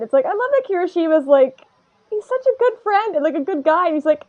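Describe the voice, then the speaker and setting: Chatty lady on a podcast, pretty high voice, goes off on tangents, kinda muffled sound. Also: fairly quick. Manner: rambling and animated, laughs a lot, puts on voices to quote characters. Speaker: podcast co-host. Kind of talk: casual chat reviewing an anime episode.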